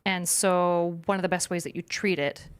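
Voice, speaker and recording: A woman's voice: lowish voice, fairly even intonation, moderate pace, clear, resonant tone. A young woman co-hosting a casual livestream chat, explaining clinical terms in a chatty way with plenty of fillers. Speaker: co-host.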